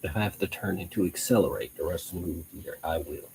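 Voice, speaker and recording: A man's voice: deep voice, fast, gravelly, darkish tone, slight background noise, poor audio. A young man hosting a live online show, chatting casually in a rambling way with frequent restarts and laughs. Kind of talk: casual live-stream chat.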